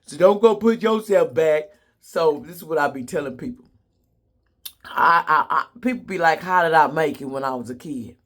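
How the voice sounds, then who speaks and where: Man, somewhat high voice, sassy and blunt, comedic storytelling vlog, laughs a lot. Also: moderate pace, fairly bright tone. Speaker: vlogger.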